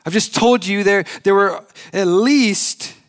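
A man's voice: sits high, takes it slowly, pitched above the performer's own voice. A man voicing a frightened, indignant boy as he reads a storybook scene aloud in a sermon. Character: frightened boy complaining of his hardships.

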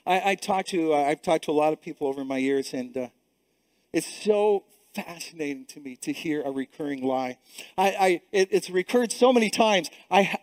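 A man's voice: on the high side, dry recording. A middle-aged male pastor preaching a sermon with emphatic repetition and frequent restarts. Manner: emphatic, repeats words, many restarts.

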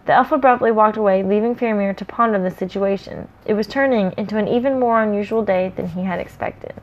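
A woman reading a story aloud in a relaxed way, with chatty asides between passages. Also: medium pitch, fast, muffled recording. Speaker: story reader. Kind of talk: casual read-aloud of a story.

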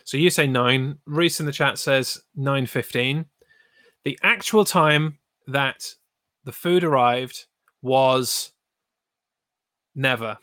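A man telling a story on stream in a casual, animated way, with lots of swearing and mock outrage. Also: medium pitch, slow pace, pauses often, no echo, clean studio sound. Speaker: streamer co-host.

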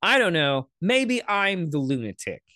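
Sarcastic, swearing man with a high voice. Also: sing-song, unhurried, bright, forceful tone, dry recording, studio quality. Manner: profane, rambling, sarcastic asides. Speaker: commentary host. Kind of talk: casual reaction commentary.

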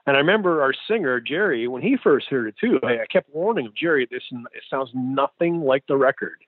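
Musician guy calling in, tinny phone sound, all excited and thankful, keeps saying man. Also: medium pitch, fairly quick, no room sound. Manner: enthusiastic, grateful, says "man" a lot. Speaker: musician guest. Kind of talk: casual interview chat. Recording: tinny phone line, dry.

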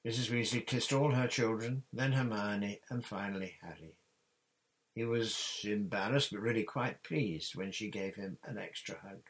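A man reading a novel aloud in steady audiobook narration. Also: low voice, moderate pace, poor audio. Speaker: reader.

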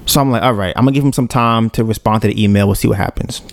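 A man on a podcast, telling a story in a relaxed, slangy way. His mid-range voice has a gravelly fry, and the sound is close and dry with almost no room. He acts out his own quoted reactions as he goes. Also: on the low side, rapid-fire, dry recording. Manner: slangy and loose, with "bro" and "yo". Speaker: podcast host. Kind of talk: casual storytelling.

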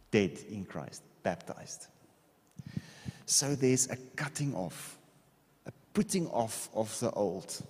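A man's voice: medium pitch, a little mellow, breathy edge. Man preaching in a reverberant hall. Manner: conversational, repeats okay, drawing on a board. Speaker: pastor. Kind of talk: sermon. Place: church hall.

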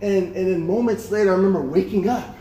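A young man preaching a sermon to a congregation, telling a story in an animated way with repeated words and frequent laughs. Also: high-pitched, fast talker, slight background noise. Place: church hall. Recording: echoey room with a congregation. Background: congregation responding.

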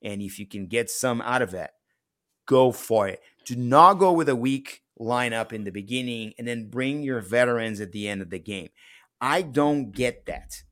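A man co-hosting a casual sports podcast, opinionated and breaking into quick laughs. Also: medium pitch, fairly bright tone. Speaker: podcast co-host.

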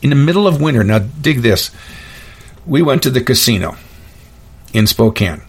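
A man's voice: medium pitch, animated, moderate pace, husky. A man hosting his own podcast, telling stories in a blunt, opinionated, folksy monologue. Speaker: podcast host. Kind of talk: casual monologue.

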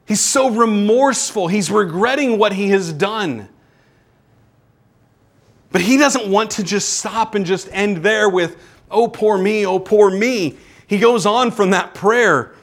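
A male pastor preaching a sermon, pressing his listeners with repeated rhetorical questions and swinging between urgent and hushed. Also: high-pitched, unhurried.

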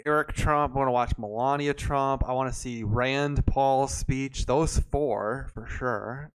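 Smooth-voiced man hosting a podcast. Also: medium pitch, unhurried. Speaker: podcast host. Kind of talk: casual podcast chat.

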